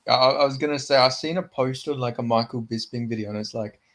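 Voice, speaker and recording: A man's voice: medium pitch, fast talker, fairly bright tone. Laid-back Australian man chatting. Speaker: podcast co-host. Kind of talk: casual chat.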